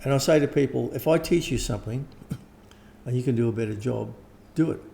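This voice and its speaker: Older man, gravelly, dark tone, rambling interview talk, faint background hiss. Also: medium pitch, a little fast. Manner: rambling, frequent restarts and throat clearing. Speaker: interviewed teacher. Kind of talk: casual conversation.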